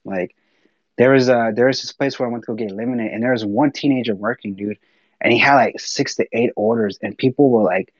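A man's voice: mid-range voice, a little fast, no room sound, highs cut off. A man telling rambling stories in casual chat, full of fillers and swearing. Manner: rambling storyteller, swears a lot, many fillers.

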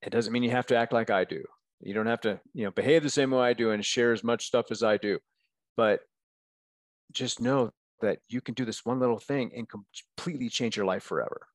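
A man's voice: mid-range voice, fairly quick, dry recording. A man speaking as a guest coach in a casual podcast interview, talking candidly and encouragingly and often checking in with "right?". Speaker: guest, men's coach and author.

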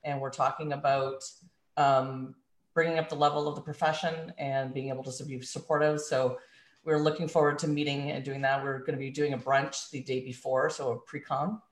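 A woman on a casual panel, speaking in a measured way with pauses. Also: very deep voice, reverberant. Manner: measured, hesitant fillers. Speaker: panel guest.

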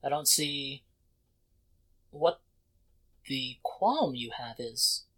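GM doing a composed, detached noblewoman, cool and bright. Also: medium pitch, animated, very slow, exaggerated voice. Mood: cool, dismissive. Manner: cool, detached, matter-of-fact. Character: calm, composed noblewoman, unbothered. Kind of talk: tabletop role-play voice.

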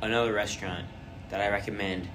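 A young man hosting a casual podcast chat, rambling through stories and trailing off quietly at the ends of thoughts. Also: fairly low pitch, steady tone, fast talker, faint music behind. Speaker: podcast host.

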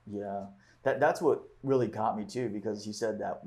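Man, lowish voice, reads aloud and reflects casually, group discussion leader. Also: normal speed, a little mellow, slight background noise. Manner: reads passages aloud, then reflects with fillers. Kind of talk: book club discussion.

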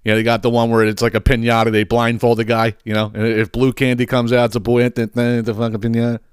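A man's voice: medium pitch, completely flat delivery, fast, clean tone, dry recording, clean studio sound. A man hosting a podcast, ranting in a casual comedic way. He swears freely and laughs at his own stories. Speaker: podcast host.

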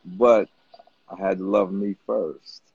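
A man telling stories on a podcast in a loose, animated way, repeating words and acting out what others said. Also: low voice, slow, creaky, slight background noise. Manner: animated storyteller, repeats words, acts out quotes. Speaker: podcast guest. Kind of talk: casual storytelling chat. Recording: dull dry close-mic podcast sound.

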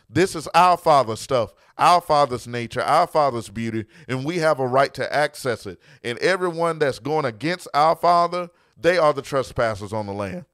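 A pastor and podcast host preaches emphatically, repeating phrases for stress and dropping quieter to tell a story. His mid-range voice is recorded at studio quality with no echo.

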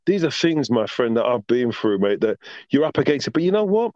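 A man as a podcast guest telling stories in a casual interview, animated and emphatic, often checking in with "right?". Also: medium pitch, a little fast, no room sound, lo-fi sound.

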